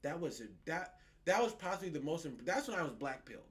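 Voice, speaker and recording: A young man co-hosting a podcast in casual political chat, animated and profane, often mocking other people's words. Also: fairly high pitch, quick pace. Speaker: podcast co-host.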